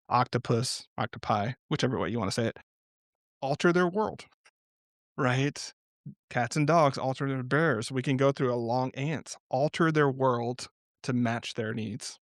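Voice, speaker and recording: A man's voice: mid-range voice, no room sound. Reflective man in a dry, close recording. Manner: reflective, animated storytelling with frequent laughs. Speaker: podcast guest. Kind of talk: unscripted podcast conversation.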